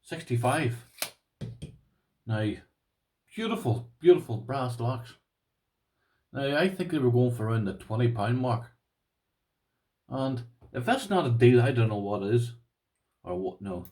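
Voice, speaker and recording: A man's voice: mid-range voice, lively intonation, unhurried, pauses often, darkish tone. A man with an Irish accent, chatting casually as he unboxes and tries out padlocks, rambling with restarts. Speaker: lock-picking vlogger.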